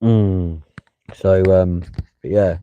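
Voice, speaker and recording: A man's voice: low voice, fairly even intonation, drawn-out words, mellow, clear, resonant tone, dull audio. A man hosting a live stream, giving blunt, profane, heated casual commentary.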